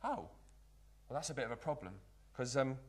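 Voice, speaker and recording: A man's voice: mid-range voice, lively intonation, fairly quick, lightly acted. A man playing a cheeky young Victorian apprentice magician, doing a live card trick in chatty patter. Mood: playful. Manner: chatty, patter-filled, keeps saying "look". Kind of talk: live magic act in character.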